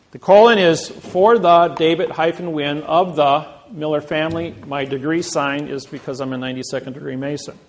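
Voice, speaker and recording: A man giving a boastful storytelling lecture, acting out the voices of people in his stories. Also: a little high. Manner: boastful, acts out quoted voices. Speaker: presenter.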